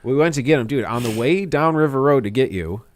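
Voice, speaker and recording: A man co-hosting a casual podcast, telling stories in an animated way and swearing often. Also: mid-range voice, a little fast, slight background noise. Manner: animated storyteller who swears freely. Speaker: podcast co-host.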